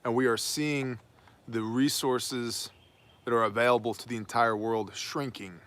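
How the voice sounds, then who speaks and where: A man hosting a daily news commentary with a bright, forceful edge to his voice. He speaks emphatically and preaches a little, breaking off for wry asides. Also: mid-range voice, steady tone, unhurried. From United States. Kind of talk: opinionated daily news monologue.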